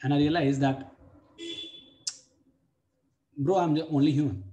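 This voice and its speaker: A man's voice: on the high side, fairly even intonation, measured pace, dark tone, highs cut off. A young man, telling a blunt, profane personal story as a dating coach and repeating phrases for emphasis. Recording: echoey room.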